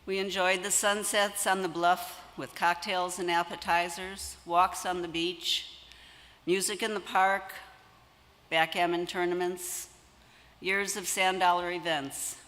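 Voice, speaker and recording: A woman in her seventies, a longtime family friend, reading measured remarks at a memorial service. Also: lowish voice, flat delivery, a bit bright. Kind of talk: memorial tribute. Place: church sanctuary. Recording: long church-hall reverb.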